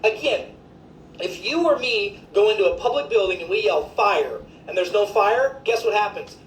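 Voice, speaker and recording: A woman's voice: mid-range voice, lively intonation, moderate pace. A woman physician, delivering an indignant, emphatic, profane rant to her viewers. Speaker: physician commentator. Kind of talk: ranting video commentary. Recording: echoey room, faint background noise.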